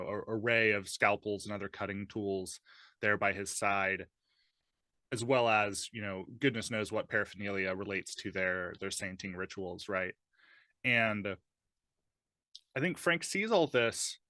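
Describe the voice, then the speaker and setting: A man with a fairly low but bright, forward voice describes his character's actions as a player in a tabletop game, thoughtful and loose with lots of fillers. The recording is dry and close, with no room sound. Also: dry recording.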